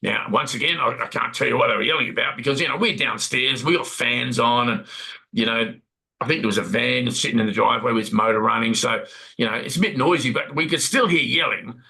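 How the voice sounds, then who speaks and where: A middle-aged man acting as a talkative Australian warehouse supervisor, giving his account in a role-played interview. He has a gravelly, bright-edged voice and rambles, circling back over the same points and repeating himself. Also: medium pitch, fairly quick, rough recording. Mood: chatty. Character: chatty male warehouse supervisor, rambling witness. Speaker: workplace witness being interviewed.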